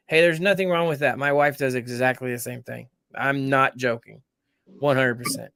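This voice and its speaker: A man's voice: mid-range voice, normal speed, vocal fry, smooth, no echo, studio quality. A man hosting a reaction video, chatting casually and speaking to his viewers. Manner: relaxed, chatty, talks to viewers. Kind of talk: casual commentary.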